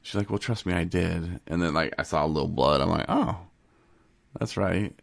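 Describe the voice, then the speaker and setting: A man's voice: sits low, moderate pace, vocal fry, no room sound. A man from Michigan co-hosting a podcast, joking and teasing, acting out little scenes and laughing often. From Michigan, USA. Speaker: podcast co-host. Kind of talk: joking casual chat.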